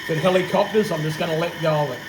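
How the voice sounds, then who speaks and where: A man's voice: on the high side, steady tone, fast. Joking Australian man in echoey workshop. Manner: joking, self-deprecating. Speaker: home machinist. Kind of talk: casual workshop narration. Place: home workshop. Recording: echoey workshop with loud machine noise.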